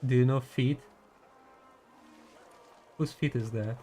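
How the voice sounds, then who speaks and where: A man streams a game in casual commentary, chatty and quick to giggle. He rambles between thoughts. His voice sits at an ordinary pitch for a man. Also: steady tone, dark tone, faint music behind.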